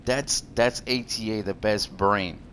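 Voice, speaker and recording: A man's voice: fairly low pitch, a little slow, a bit bright, a little hiss or hum. A man ranting casually to his viewers in a heated, repetitive way, full of slang. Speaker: gaming YouTuber. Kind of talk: casual rant to camera.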